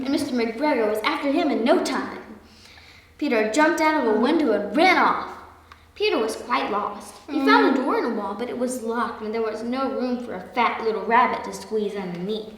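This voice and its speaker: A woman reading a children's story aloud, slow and expressive. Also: on the high side. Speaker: story reader. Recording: echoey hall, far from mic.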